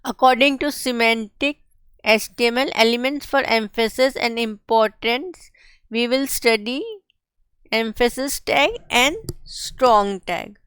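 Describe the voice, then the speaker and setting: A woman teaching a coding tutorial, explaining each step slowly and carefully. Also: fairly high pitch, fairly bright tone, clean tone, dry recording. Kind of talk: screen-share coding tutorial.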